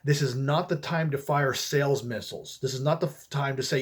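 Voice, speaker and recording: Husky-voiced man coaching casually. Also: medium pitch, a little fast, few pauses. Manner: relaxed, conversational, many fillers and restarts. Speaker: network marketing coach. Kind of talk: casual coaching talk to camera.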